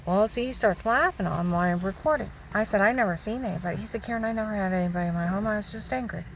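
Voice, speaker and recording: A woman's voice: mid-range voice, quick pace, a little hiss or hum. Indignant middle-aged woman telling a story. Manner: indignant, retells quoted dialogue in a rush. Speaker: vlogger. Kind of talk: casual storytelling monologue.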